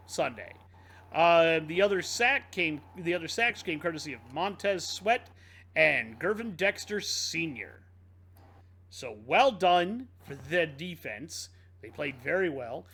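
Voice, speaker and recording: A man co-hosting a casual sports podcast, reading off game stats. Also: high voice. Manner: reads off game stats in a lively, rising-and-falling delivery. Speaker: podcast co-host.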